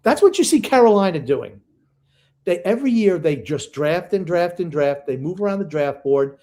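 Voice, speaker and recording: Gruff opinionated older man, podcast. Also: high-pitched, very animated, normal speed, warm tone. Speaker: podcast co-host. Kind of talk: casual sports podcast chat.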